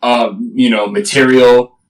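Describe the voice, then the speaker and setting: A man's voice: mid-range voice, fairly even intonation, measured pace. A man co-hosting a casual podcast, joking loosely and trailing off mid-thought. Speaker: podcast co-host. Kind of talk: casual chat. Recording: roomy and distant from the mic.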